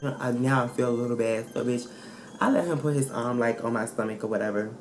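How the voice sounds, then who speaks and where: A woman vlogger telling a storytime in a casual, blunt and profane way, animated and emphatic as she retells it. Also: a bass voice, fairly quick, background noise.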